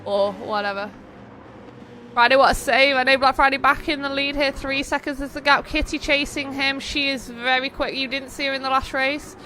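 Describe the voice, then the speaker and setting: A young woman hosting and commentating on a sim-racing stream, chatting playfully between race calls and getting excited at close battles. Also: high voice, a little fast, few pauses, slight background noise.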